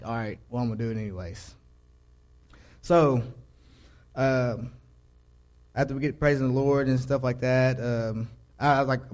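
Young male choir leader, mid-pitched voice, loose rambling testimony delivery that drops to a hush for his quoted thoughts. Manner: casual, rambling, restarts, quotes his own thoughts in a hushed voice. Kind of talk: personal faith testimony.

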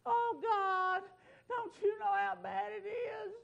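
Guy preaching, doing a high whiny sad-sack fella moaning about his troubles, gravelly edge, kinda dull sound. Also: fairly even intonation, slow, fairly bright tone, heavily acted. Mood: whining. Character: whining self-pitying man in trouble.

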